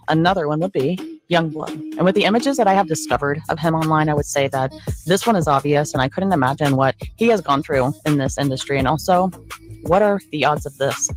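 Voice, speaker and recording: Woman, scripted narration, insinuating tone, knowing asides, clear music under her voice. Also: low-pitched. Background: music bed.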